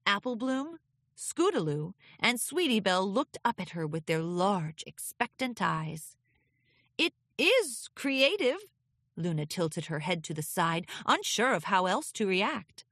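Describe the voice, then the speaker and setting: A woman reading a children's storybook aloud with expressive, lilting narration. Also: medium pitch, dry recording, studio quality. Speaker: audiobook reader.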